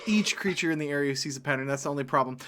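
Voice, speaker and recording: High-voiced casual male player. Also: little pitch movement, rapid-fire, sharp tone, smooth. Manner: casual, rambling, full of fillers. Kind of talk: tabletop game chat.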